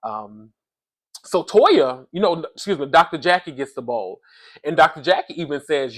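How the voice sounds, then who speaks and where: A man giving a casual, animated recap of a reality show, talking straight to his viewers and often adding "allegedly". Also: on the high side, normal speed. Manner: animated, talks to the audience as "y'all", says "allegedly" often. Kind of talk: casual commentary.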